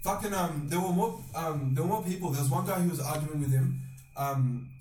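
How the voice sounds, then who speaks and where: A man's voice: fairly high pitch, fairly quick, faint music behind. Rambling man, echoey distant mic. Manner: rambling, profane, acts out quotes loudly. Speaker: podcast host. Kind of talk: casual storytelling chat.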